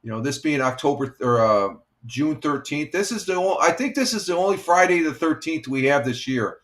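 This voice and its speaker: His voice is fairly high, animated, and a bit bright, and he speaks fairly quickly. A retired firefighter in his sixties, he chats with viewers on a laid-back morning live stream, rambling along with lots of fillers.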